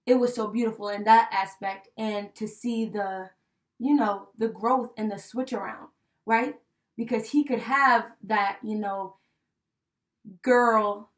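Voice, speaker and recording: A young woman co-hosting a podcast, telling a personal story in casual chat, heartfelt and animated, with many fillers like "you know" and "right?". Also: mid-range voice. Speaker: podcast co-host. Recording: voice a bit distant from the mic.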